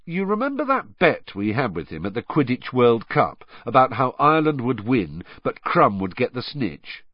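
A man's voice: mid-range voice, very animated, moderate pace, no echo, lo-fi sound. A man voicing a cheeky, impatient teenage boy, brash and matter-of-fact.

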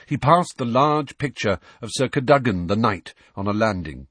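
A man's voice: mid-range voice, lively intonation, moderate pace, hardly any pauses, fairly bright tone, husky, no room sound. A man narrating a storybook aloud, reading expressively. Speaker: audiobook narrator.

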